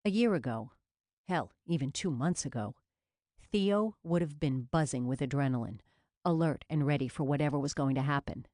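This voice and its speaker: A woman narrating a police novel as an audiobook in an even, measured reading. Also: rumbling low, no room sound, studio quality. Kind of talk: scripted narration.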